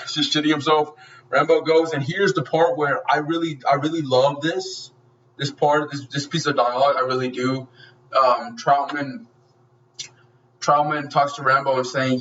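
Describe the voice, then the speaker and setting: A man casually retelling an action movie scene by scene, excited, swearing a lot and making gunfire sounds. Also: a little high, normal speed, recorded from a distance, highs cut off, a little hiss or hum. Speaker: movie reviewer.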